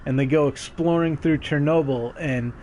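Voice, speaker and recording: A man's voice: fairly high pitch, normal speed, darkish tone. A young man co-hosting a comedy stream, rambling and laughing often. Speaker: podcast co-host. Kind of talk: casual comedic chat. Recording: faint background noise.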